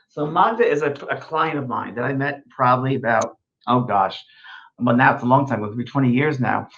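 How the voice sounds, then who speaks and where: Brief: middle-aged male medium host on a live stream, chatty and affirming, mid-pitched, in a roomy echo and set back from the mic. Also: fairly bright tone. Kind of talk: live stream reading comments. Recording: echoey, distant, dull sound.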